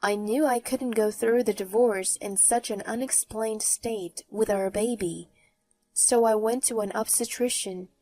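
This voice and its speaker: Woman narrator for a first-person story; mellow, mocking edge. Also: medium pitch, measured pace. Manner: mocking, even-toned. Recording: faint background music.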